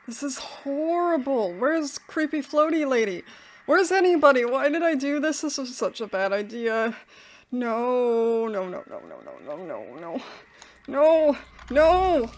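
A young woman commenting on a horror game as she plays, jittery and panicky, breaking into nervous laughter. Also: high voice. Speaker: gaming video host. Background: game music.

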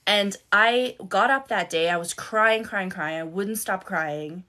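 A woman's voice: mid-range voice, unhurried, pushed and bright. A middle-aged woman telling her own story on a live stream, candid, swearing freely and repeating words for emphasis. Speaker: life coach and content creator on a live stream.

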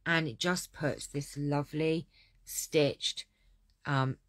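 A woman's voice: sits low, steady tone, slow pace, dry recording. Gushing woman showing craft supplies. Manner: gushing, chatty, repeats praise words. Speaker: crafting demonstrator. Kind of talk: casual product walkthrough.

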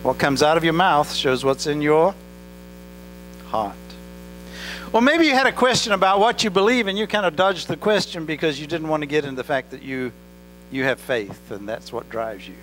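A pastor with an accent preaching a sermon in church, talking directly to the congregation and asking them questions. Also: male voice, fairly high pitch, animated, normal speed, fairly bright tone, poor audio. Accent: non-native English accent. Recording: faint mains hum. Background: mains hum.

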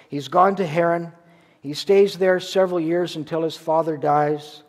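A man from Ontario, Canada, preaching a sermon as a pastor, telling a story in a conversational way with rhetorical questions. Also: fairly high pitch. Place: church sanctuary. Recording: long church reverb.

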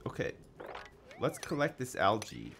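A man's voice: on the low side, wildly swooping pitch, measured pace, gravelly, fairly bright tone, faint music behind. A man casually commenting while he plays a game on a live stream, joking and chatting with his viewers. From Canada.

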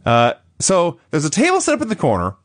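A man's voice: fairly high pitch, wildly swooping pitch, brisk. A man co-hosting a casual chat, recapping matches in a dry, sarcastic way. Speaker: podcast co-host.

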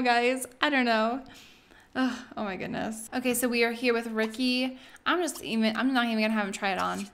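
A woman hosting a let's play, chatting excitedly through casual gameplay commentary with lots of "like". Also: a little high, a little hiss or hum.

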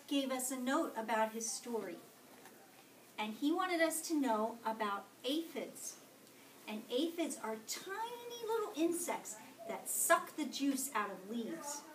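A woman reading a picture book aloud to a kindergarten class, slowly and expressively, often checking in with the children. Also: high-pitched, a little hiss or hum. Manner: slow and expressive, asking the children questions. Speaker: storyteller. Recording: echoey classroom from far off.

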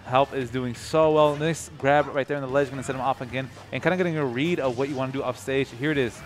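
A young man commentating a live video game tournament, excitable, laughing often and repeating himself, his voice tired and low. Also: fast. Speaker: esports commentator. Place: gaming tournament at a sports center. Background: music.

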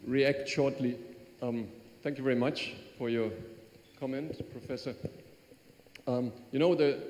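A man gives a genial, conversational public address, now and then repeating himself. His voice sits at an ordinary middle pitch. The long reverb of a big hall trails after each phrase. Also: a little mellow. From Germany. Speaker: visiting diplomat giving a lecture. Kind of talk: public speech and audience reply. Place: large lecture hall.

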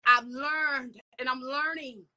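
A woman's voice: high-pitched, fairly even intonation, takes it slowly, a crowd in the background. A woman preaching a fervent sermon, punctuating her words with "come on" and "hallelujah" and dropping at times into whispered asides.

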